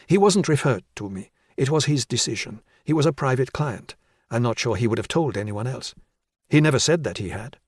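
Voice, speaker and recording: A man's voice: mid-range voice, animated, brisk, a little mellow, slightly rough, dry recording, studio quality. A man voicing a nervous woman psychiatrist in her late forties in an audiobook, speaking hesitantly and carefully.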